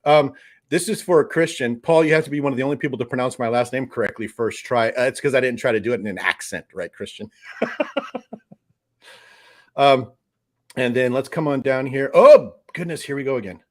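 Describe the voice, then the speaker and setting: A man hosting a live fan stream, reading out chat comments and reacting with excited outbursts. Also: mid-range voice, brisk. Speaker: host of a live fan show.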